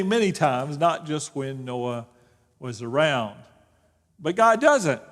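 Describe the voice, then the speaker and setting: A man, a pastor, teaching a Bible study in a casual, joking way, often restarting his sentences. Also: on the high side. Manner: conversational, joking, with frequent restarts. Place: church sanctuary. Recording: long reverb in a church hall.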